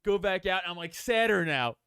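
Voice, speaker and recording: A young man tells a comedy podcast story, quoting himself in a whiny voice. His voice sits high and swings widely in pitch. The sound is dry and close. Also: normal speed, clean tone, no echo. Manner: animated, swearing, acts out his own quotes in a whiny high voice. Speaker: podcast co-host.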